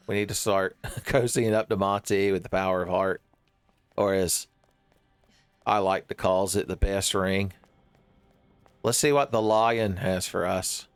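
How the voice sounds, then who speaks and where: A man's voice: deep voice, smooth, no room sound. A man giving joking, rambling commentary while he plays a horror game, often laughing at his own jokes. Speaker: streamer playing a horror game.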